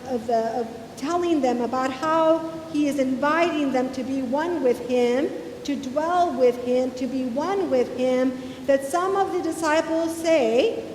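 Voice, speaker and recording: A woman pastor giving a sermon in a church sanctuary, retelling a scripture story conversationally and acting out the quoted lines. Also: a little mellow. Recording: echoey church hall with faint rumble.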